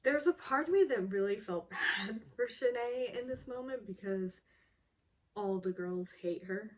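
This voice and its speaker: A woman's voice: medium pitch, far from the mic. A woman casually recapping a reality show episode, chatty, with lots of ums and small laughs. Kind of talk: casual chat.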